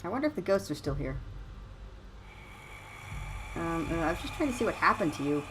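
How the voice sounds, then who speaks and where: A woman's voice: on the low side, big pitch swings, a little fast, noisy background. Wry woman commenting on gameplay. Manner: wry and chatty, sarcastic asides. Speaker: let's play host.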